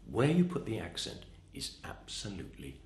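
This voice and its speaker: Male voice coach with a lively pitch and expressive stress. Recorded in a reverberant room. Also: moderate pace. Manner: expressive, demonstrative, shifts stress to show emphasis. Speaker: voice and speaking coach. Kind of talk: instructional talk.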